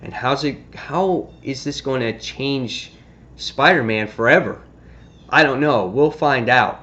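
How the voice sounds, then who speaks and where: A man casually reviewing a comic book on his vlog, excitably retelling the story. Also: medium pitch, takes it slowly, dull audio.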